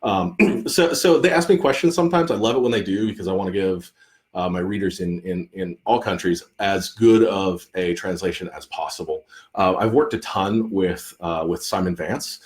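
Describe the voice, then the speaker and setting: A man's voice: low-pitched, moderate pace. A man, an author hosting a live Q&A stream, chatting casually and rambling with many restarts and fillers. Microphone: computer or phone mic on a live stream.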